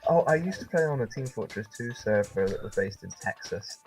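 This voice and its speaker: Playful British man, lively chat. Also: on the low side, fairly quick, faint music behind, poor audio. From Britain. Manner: playful, puts on silly accents. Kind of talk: casual group chat.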